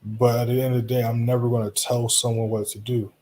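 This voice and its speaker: A man with a dark, mellow voice at an ordinary mid pitch hosts a live stream. He chats loosely and reassuringly with his viewers, answering their comments as they come in. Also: fast talker, a little hiss or hum. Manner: relaxed, reassuring, talks straight to viewers with frequent "you know" and "right?".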